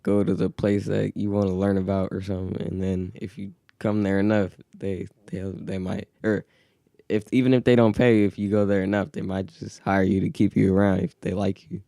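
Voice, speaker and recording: A man's voice: low voice, little pitch movement, normal speed, creaky, mellow, no echo, clean studio sound. A young man, the host's son, talking casually as a podcast guest in a hesitant, laid-back way. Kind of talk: casual chat.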